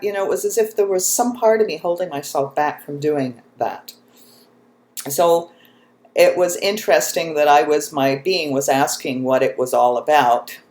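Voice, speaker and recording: Woman host, animated storyteller, laughs easily, recorded in a roomy space. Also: sits low. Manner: animated, laughs often, tells stories. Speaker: host, spiritual channel. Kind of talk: casual chat, storytelling.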